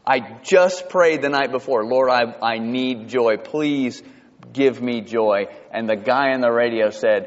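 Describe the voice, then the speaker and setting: A man from South Georgia, a pastor preaching a sermon with animated storytelling and lively shifts in pitch. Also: measured pace. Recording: reverberant hall, dull lo-fi sound.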